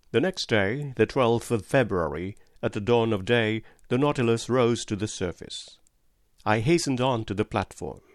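A man reading a novel aloud as narrator, in a measured, deliberate manner. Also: on the low side, dry recording, clean studio sound. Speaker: audiobook narrator. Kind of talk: scripted narration.

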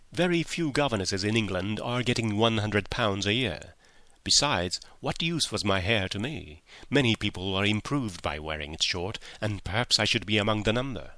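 Man reading an audiobook, low bright forceful voice, dry close sound. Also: no echo. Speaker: audiobook narrator. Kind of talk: first-person storytelling narration.

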